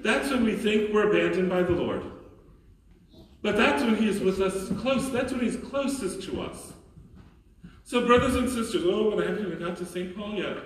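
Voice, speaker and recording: Priest preaching in an echoey church. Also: male voice, high-pitched, distant mic, slight background noise. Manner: earnest, questioning, emphatic with dramatic pauses. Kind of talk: sermon. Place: large church.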